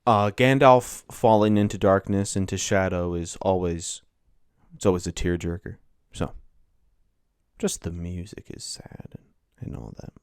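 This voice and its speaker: A man's voice: deep voice, steady tone, unhurried, clear, resonant tone, dry recording, studio quality. A man hosting a solo podcast, talking casually and rambling, interrupting himself as he goes. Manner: rambling, self-interrupting, offhand. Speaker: podcast host.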